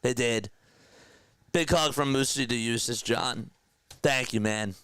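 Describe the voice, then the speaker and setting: A young man hosting a casual sports livestream, talking to his chat with excitement and emotion. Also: mid-range voice, measured pace, clean tone, dry recording.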